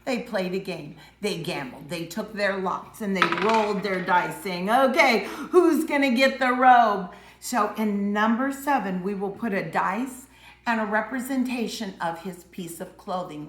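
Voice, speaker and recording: A woman teaching preschoolers, telling a Bible story with dramatic voices and hushed moments. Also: medium pitch, reverberant. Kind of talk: Bible story lesson for young children.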